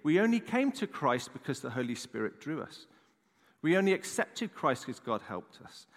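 A man's voice: fairly high pitch, big pitch swings, normal speed. A male pastor preaching a sermon, telling a story with candid, chatty asides to the audience. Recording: echoey hall reverb.

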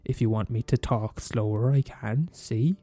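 A man's voice: medium pitch, dark tone, no room sound. Ranting, profane Irish man. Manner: profane, ranting, fast and mumbly. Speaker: podcast host. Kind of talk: casual solo rant.

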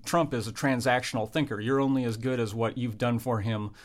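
A man's voice: mid-range voice, steady tone, brisk. A man, a political analyst explaining points fluently in a panel discussion. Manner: fluent, explanatory, lightly jokey.

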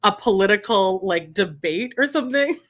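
Bright-voiced chatty woman. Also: medium pitch, expressive, normal speed. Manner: chatty, rambling, laughs often. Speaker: podcast co-host. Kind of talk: casual chat.

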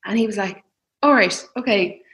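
A woman's voice: mid-range voice, moderate pace, fairly bright tone. An Irish woman in her thirties telling a personal story in casual chat, laughing often and acting out what others said. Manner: chatty, laughs often, acts out quoted voices.

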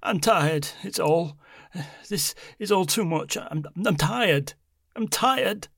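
Brief: scared, stubborn old nan, slow halting delivery, higher-pitched, a male narrator doing her. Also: vocal fry, no echo, studio quality. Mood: distressed. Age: older. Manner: slow, halting, trembling pleas. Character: frightened old grandmother, stubborn, tearful.

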